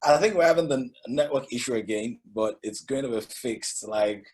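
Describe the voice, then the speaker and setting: A host hosting a live online event, hyping up the audience in the chat and filling time during connection trouble. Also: medium pitch. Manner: hypes up the chat, slow and lively.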